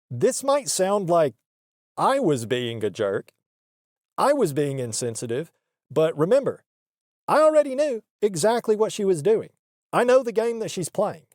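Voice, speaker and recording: In this comedic monologue, a man plays a character host who keeps defending and justifying himself, hammering home his points through repetition. His fairly high voice has a darkish tone, and the studio recording is clean and dry.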